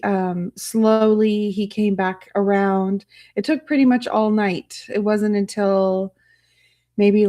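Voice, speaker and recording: A woman hosts a casual livestream chat at a middle pitch. She speaks softly and emotionally, rambling, restarting her sentences and filling pauses with "um". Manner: soft, rambling, emotional, with frequent fillers. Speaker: livestream host.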